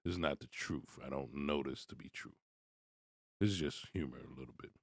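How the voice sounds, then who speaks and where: A man giving blunt, profane commentary, swinging from low muttering to loud, high-pitched outbursts. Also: fairly quick, slightly rough, no echo, clean studio sound. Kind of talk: ranting commentary.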